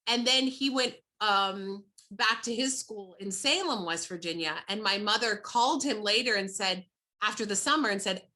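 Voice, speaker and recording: An American woman tells her personal story in conversation as an interview guest. Her voice is bright and clear, and her delivery is animated and heartfelt. She often breaks off and restarts her sentences as she goes. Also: medium pitch, moderate pace. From United States.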